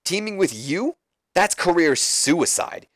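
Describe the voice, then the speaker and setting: A smug, sneering wrestler who mocks his rivals at every turn, as a man puts him on. The voice is pitched high and swings up and down with each taunt. The sound is dry and close. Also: sing-song, slow, a bit bright, no echo, full character voice. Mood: scornful. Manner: taunting, mocking. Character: sneering arrogant male wrestler.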